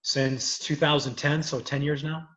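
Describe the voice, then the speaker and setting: A man's voice: on the high side, flat delivery, a little slow, a bit bright. A man, a comedian who is also a lawyer and actor, explaining his craft at length in a casual video chat. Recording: echoey, dull lo-fi video call.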